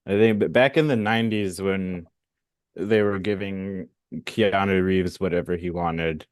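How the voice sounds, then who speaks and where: A young man co-hosting a podcast, talking about films in a laid-back, halting way and repeating words as he goes. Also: low-pitched, fairly even intonation, dry recording. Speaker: podcast co-host. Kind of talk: casual film chat.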